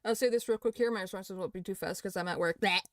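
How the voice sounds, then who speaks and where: A young adult creator responds to allegations in casual commentary, reading posts aloud, reacting to them and swearing plenty. The voice is medium-pitched and quick, recorded at studio quality with no echo.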